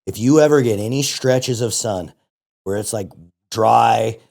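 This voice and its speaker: A man's voice: on the low side, unhurried, creaky, a little mellow. A man co-hosting a hunting podcast in casual chat, laid-back, with short tips and agreement. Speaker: podcast co-host.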